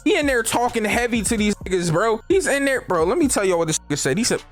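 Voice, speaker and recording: A young man hosting a casual show review, slangy and animated, acting out the characters' lines in his retelling. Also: high-pitched, quick pace, soft background music. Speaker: host.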